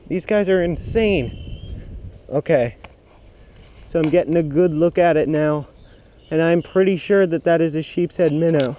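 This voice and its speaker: Man, excitable outdoor fishing vlogger, mellow tone, a bit high. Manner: excitable, gasps and cheers at bites. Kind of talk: excited outdoor vlog commentary. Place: outdoors by a pool of water.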